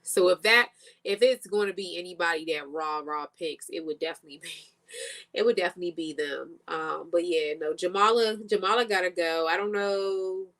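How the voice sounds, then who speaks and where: A woman's voice: fairly low pitch, moderate pace, fairly bright tone. A woman co-hosting a casual review chat over a video call, talking in slangy, chatty bursts and laughing often. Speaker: co-host of a reality show review.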